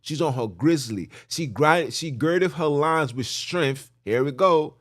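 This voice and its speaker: A man hosting a podcast in casual religious talk, telling stories in an animated way with street slang. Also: fairly high pitch, measured pace, no room sound, studio quality. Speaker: podcast host.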